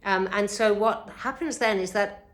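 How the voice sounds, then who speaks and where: A woman teaching a yoga breathing lesson, speaking gently and unhurriedly, with frequent fillers and a slightly sore throat. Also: mid-range voice, normal speed.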